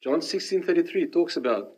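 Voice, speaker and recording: A man delivers a sermon through his own story. His voice sits fairly high. He gets animated at the dramatic moments and drops to a hush when he turns reflective. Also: brisk. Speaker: preacher. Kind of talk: sermon with personal testimony.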